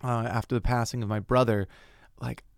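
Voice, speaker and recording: A man talking in a relaxed podcast conversation, thoughtful and earnest, often restarting his sentences. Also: medium pitch, brisk, creaky, no echo, clean studio sound. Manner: reflective, earnest, trailing restarts. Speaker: podcast guest. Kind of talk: casual podcast chat.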